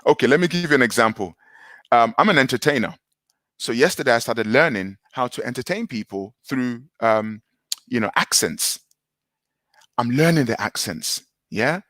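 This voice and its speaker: A man's voice: medium pitch, expressive, moderate pace, a bit bright, dry recording, clean studio sound. A man giving a motivational talk, emphatic and repetitive, hammering home short phrases. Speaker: motivational speaker.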